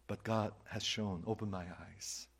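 A male pastor preaching a sermon, swinging between loud emphatic lines and hushed whispers, repeating key phrases for emphasis. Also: lowish voice, steady tone, measured pace, vocal fry, husky.

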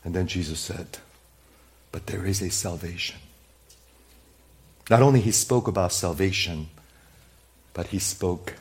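A man preaching a sermon in a church, talking straight to the congregation and swinging from loud emphasis to hushed, near-whispered asides. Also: sits low, a little slow, long pauses. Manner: conversational, speaks straight to the congregation with questions. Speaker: pastor.

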